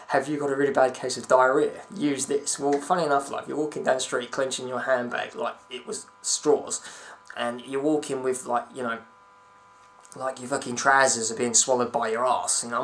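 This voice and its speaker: A man's voice: medium pitch, fairly bright tone, slight background noise. A young man ranting to camera at home in a rambling, sweary, sarcastic way. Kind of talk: casual ranting vlog.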